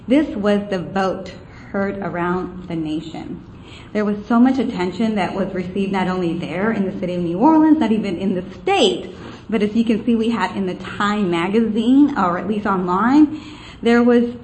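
A woman speaking as a campaign presenter, recounting events with animated, heartfelt energy and plenty of ums. Her voice sits at an ordinary middle pitch. It rings in an echoey room over faint ambient hum. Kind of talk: conference presentation, storytelling.

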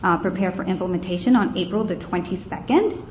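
A woman giving a heartfelt, animated presentation as a campaign advocate. She tells the story with frequent ums. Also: lowish voice, a little fast, a little hiss or hum. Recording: echoey room with faint ambience.

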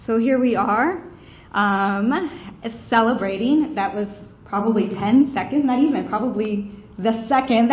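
Speaking at normal speed in a higher voice, a woman recounts a campaign story at a conference, her delivery chatty and loaded with fillers. The sound is roomy and dull, as in a room recording.

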